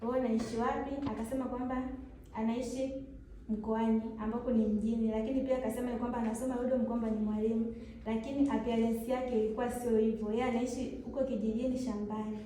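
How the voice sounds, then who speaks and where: A woman's voice: a little high, flat delivery, quick pace, warm tone, slight background noise. A woman, a nursing student, reading a clinical case report aloud in a classroom, listing findings in short clipped phrases. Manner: reads clipped clinical lists, mixes in Swahili. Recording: echoey room from far off.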